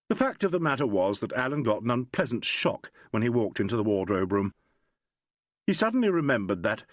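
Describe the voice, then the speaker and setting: A man narrating a crime novel audiobook in a measured, expressive reading. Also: mid-range voice, dry recording, clean studio sound. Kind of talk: scripted narration.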